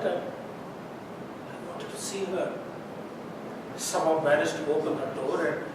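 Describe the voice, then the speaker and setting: A man plays a distraught father who stammers and repeats himself as he retells the night. His voice sits high. It is caught from a distance in a very echoey room, with steady hiss and a low rumble behind. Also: natural voice. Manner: halting, stammering, repeating words. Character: anguished father telling of a night with his daughter. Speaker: stage actor in rehearsal. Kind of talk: stage drama rehearsal. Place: rehearsal room.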